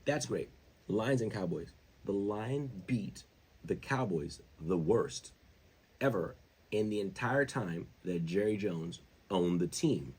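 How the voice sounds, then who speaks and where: A male show host giving casual sports commentary, animated and repeating words for emphasis. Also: fairly low pitch, slow, breathy edge.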